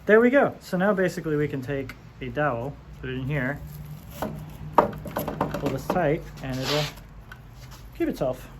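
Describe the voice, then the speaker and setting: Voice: mid-range voice, lively intonation, measured pace, long pauses. A DIY host chatting casually and joking while building in a workshop, thinking aloud as they go. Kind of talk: casual workshop how-to chat. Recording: noisy workshop recording.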